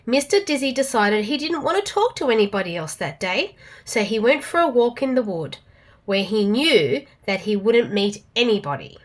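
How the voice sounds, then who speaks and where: A woman with an Australian accent reading a storybook aloud to children, expressive and animated. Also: on the high side, normal speed.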